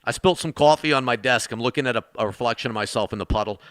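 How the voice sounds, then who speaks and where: Sitting at his desk, a game streamer chats casually with his live audience as he plays, thanking donors and speaking straight to chat. His mid-range voice is bright and smooth with big swings in pitch, and he talks fast with hardly any pauses. The recording is dry and close, with no room sound.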